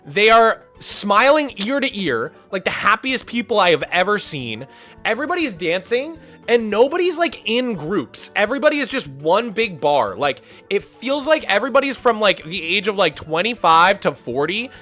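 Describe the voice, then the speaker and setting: A man streaming and telling a story in a casual, rambling way, animated and full of "like" and restarts. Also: high-pitched, moderate pace, soft background music. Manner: animated, rambling, repeats himself, lots of "like".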